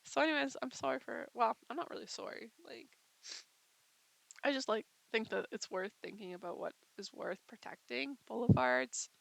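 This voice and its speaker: A woman's voice: a little high, normal speed, vocal fry, low-quality recording. A young woman talking in a casual confessional vlog, rambling and hesitant with lots of fillers. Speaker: vlogger.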